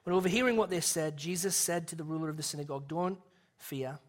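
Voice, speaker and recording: Male pastor, 30s, higher-pitched voice; earnest sermon delivery with soft hushed stretches. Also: racing. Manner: earnest, drops to a soft hush for emphasis.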